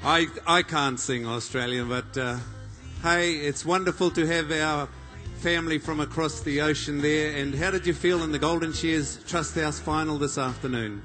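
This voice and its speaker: Booming jokey New announcer man. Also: fairly even intonation, normal speed, soft background music. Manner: loud, jokey, booming crowd-rousing. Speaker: event MC and interviewer. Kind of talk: live arena announcing and interviews.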